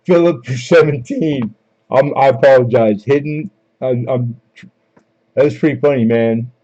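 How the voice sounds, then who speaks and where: A man's voice: mid-range voice, measured pace, warm tone, dull audio. A man hosting a live coin auction stream, calling bids in a casual, joking, chatty way.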